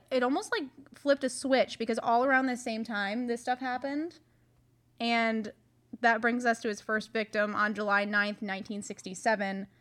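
A woman's voice: on the high side, a bit bright. A young woman co-hosting a true crime podcast, telling the case in casual chat with many fillers and restarts. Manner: chatty, many likes and restarts. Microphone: podcast mic.

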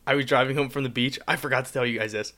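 A man's voice: mid-range voice, fairly even intonation, very fast, bright, forceful tone. A young man in casual chat with friends, mocking himself and swearing casually. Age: young adult.

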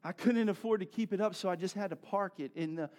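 Animated preacher man, slightly high voice. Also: fast talker. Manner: conversational, animated storytelling with laughs and asides to the congregation. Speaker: pastor. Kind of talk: sermon.

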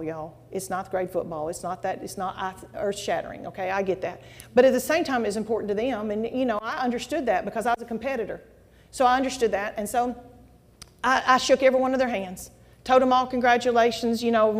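A middle-aged woman giving a folksy, animated testimony to a church congregation. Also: on the high side. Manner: folksy, animated storytelling, addresses audience as y'all. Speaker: guest speaker at church. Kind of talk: testimony sermon. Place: church sanctuary. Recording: long hall reverb.

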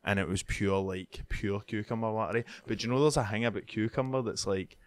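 A man's voice: on the low side, steady tone, fairly quick. A young man with a Scottish accent, co-hosting a casual podcast chat, laughing often and dropping in aye and mate. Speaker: podcast co-host.

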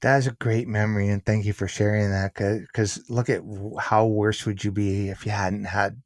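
Male author guest: earnest, emphatic, low-pitched, dry and close. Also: flat delivery, moderate pace, no room sound. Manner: earnest, emphatic, acts out quotes. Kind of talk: podcast interview.

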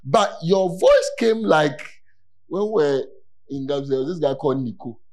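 A man preaching a sermon in an animated way, repeating key words and rising to near-shouts for emphasis. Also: a little high, moderate pace.

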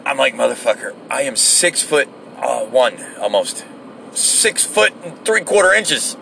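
A man tells a rambling story full of swearing, with a bright, forceful voice that sits a little high for a man. He speaks casually and with animation, as if talking to a camera from inside a vehicle. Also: vocal fry, a little hiss or hum. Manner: profane, rambling, animated retelling.

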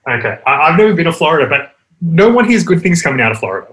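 Australian man, quick talker, bright and forceful voice, casual chat. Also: a little high, sing-song. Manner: laughs often, quick and chatty.

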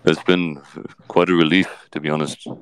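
A man's voice: very deep voice, little pitch movement, noisy background, pitched below the performer's own voice. A man doing a mumbling, drawling film star. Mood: weary. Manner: slow, mumbling, hesitant drawl. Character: famous actor impression, weary male film star. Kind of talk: comedic celebrity impression.

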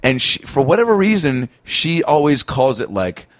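A man hosts a podcast in a loose, rambling way and keeps breaking into laughter. His pitch moves around a lot, and the recording is dry and close. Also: sing-song, moderate pace, no echo. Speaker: podcast host. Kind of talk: casual podcast chat.

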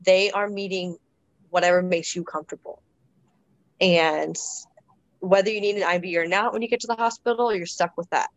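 A woman's voice: fairly low pitch, steady tone, normal speed, no room sound, dull audio. A woman guest in a casual interview, talking reflectively with many restarts and fillers. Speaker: guest describing her births.

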